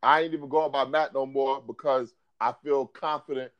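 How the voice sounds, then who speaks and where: A man hosting a casual podcast, animated and quick to laugh, his voice jumping high when he gets excited. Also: no echo, muffled recording. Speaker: podcast host.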